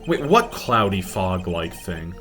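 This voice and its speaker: A man's voice: low voice, sing-song, slow pace, a bit bright, soft background music. A man doing casual, sarcastic let's-play commentary, mocking the game as he reads its lines aloud.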